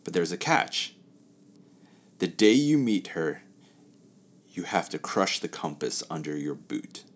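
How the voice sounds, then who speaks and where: A man voicing God, who appears as a parrot, giving a calm and solemn instruction in a spoken parable. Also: low-pitched, slow pace, heavily acted.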